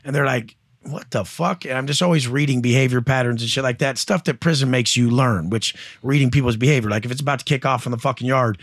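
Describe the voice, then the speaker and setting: Man, interview guest, profane, blunt, acts out voices, mid pitch, dry close sound. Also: steady tone, quick pace, hardly any pauses, dry recording. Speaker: entrepreneur and coach, podcast guest. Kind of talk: casual interview storytelling.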